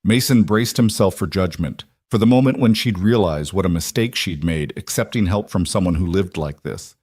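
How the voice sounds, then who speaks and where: A man with a low voice narrating a scripted story in a calm, even way. The recording is dry and close, with no room sound. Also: normal speed, breathy edge, dry recording.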